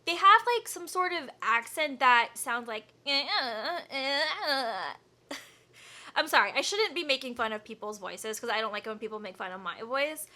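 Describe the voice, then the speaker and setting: A woman's voice: fairly high pitch, lively intonation, moderate pace, sharp tone. A young woman giving blunt, profane, exasperated commentary while reacting to online videos.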